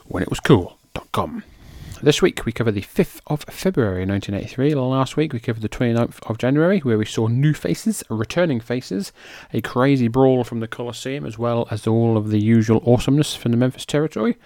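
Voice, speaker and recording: A man's voice: medium pitch, brisk, hardly any pauses, dark tone, dry recording, clean studio sound. A man hosting a podcast in a chatty, self-mocking way, now and then tripping over names. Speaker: podcast host. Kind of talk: casual podcast narration.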